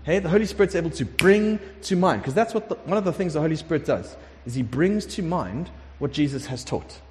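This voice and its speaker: Guy preaching, super animated ups and downs, echoey hall. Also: fairly high pitch, brisk. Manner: conversational, emphatic, acts out prayers in shifting voices. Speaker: pastor. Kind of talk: sermon. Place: warm room with congregation. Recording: long hall reverb.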